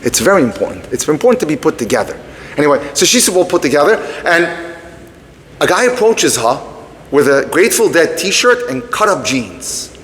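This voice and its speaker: A man teaching through a story to a live audience, animated, breaking off to speak to the room. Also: on the high side, moderate pace, slight background noise. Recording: long reverb of a hall.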